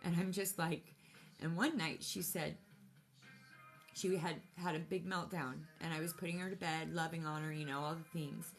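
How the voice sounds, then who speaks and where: A woman's voice: low-pitched, fairly even intonation, moderate pace, faint music behind. A mother telling a personal story casually, in an emotional, rambling way with many restarts.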